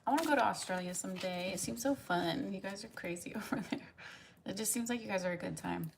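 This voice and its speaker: A woman's voice: mid-range voice, fast talker, vocal fry, noisy background. A woman reading tarot live for viewers. She chats casually, rambles, and fills her talk with "like" and "um" as she answers comments. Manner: chatty and rambling, heavy use of "like" and "um"; reads viewers' comments aloud and answers them. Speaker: tarot reader on a live stream.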